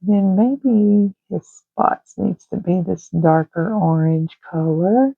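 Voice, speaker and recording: A woman's voice: lowish voice, slow, vocal fry, slightly rough, no echo. A woman, chatting and rambling casually while she colors, sometimes drifting into murmurs. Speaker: art channel host. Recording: tinny phone-like dry sound.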